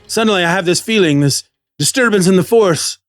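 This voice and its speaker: A man's voice: sits high, a little fast, fairly bright tone, faint music behind, voice pushed up. Guy doing a solemn old wizard, kinda hammy and dramatic.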